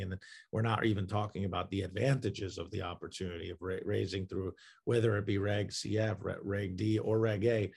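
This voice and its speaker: A man's voice: on the low side, vocal fry, a little mellow, slightly rough. A man who runs a crowdfunding platform, answering interview questions in a loose explanatory way with many fillers and restarts.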